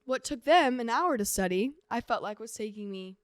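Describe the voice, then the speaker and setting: A woman's voice: fairly high pitch, lively intonation, normal speed, no room sound, studio quality. A young woman talking as a podcast guest, earnestly recounting her school struggles and acting out her old thoughts. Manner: earnest, acts out her own past thoughts in quotes. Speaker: podcast guest, host's sister. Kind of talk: casual chat.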